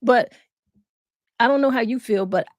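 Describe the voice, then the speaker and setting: A woman's voice: a little high, normal speed, no echo, studio quality. A tired woman co-hosting a live talk show, chatting casually and folksily with her viewers. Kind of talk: casual live-stream chat.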